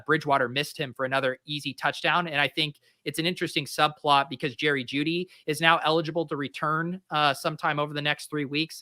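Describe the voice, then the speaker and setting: Male podcast co-host, bright high voice, casual analytical talk. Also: no echo, studio quality. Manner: conversational, analytical. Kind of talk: casual sports podcast chat.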